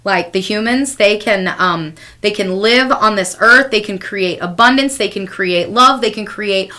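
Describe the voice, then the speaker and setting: A woman's voice: mid-range voice, measured pace, pushed and bright. A woman with a Chicago accent co-hosting a podcast, chatting casually about spiritual growth in a rambling way full of "like" and "um". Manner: rambling, heavy on "like" and "um". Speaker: podcast co-host.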